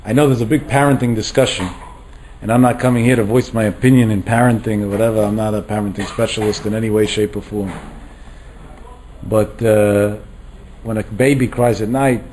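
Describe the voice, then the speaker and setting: Mellow-voiced male Torah lecturer. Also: lowish voice, brisk, slight background noise, poor audio. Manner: animated, acts out quoted voices. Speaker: rabbi lecturer.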